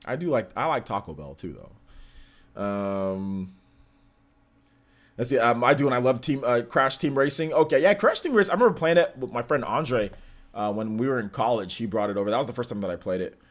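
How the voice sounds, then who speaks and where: A young man from California hosts a live stream with a brisk, lively mid-range voice. He rambles loosely with lots of fillers and reads viewer comments aloud.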